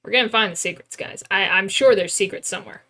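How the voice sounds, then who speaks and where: A woman's voice: mid-range voice, bright, forceful tone. Playful woman streaming a game. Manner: playful, self-mocking, quick to laugh. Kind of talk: casual let's-play commentary. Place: room at home.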